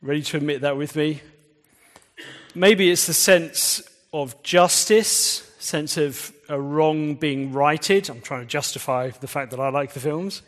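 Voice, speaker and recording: Preacher in an echoing church. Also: male voice, a little high, a little slow. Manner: conversational, engages the audience with quiz questions. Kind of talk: sermon. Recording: reverberant church hall.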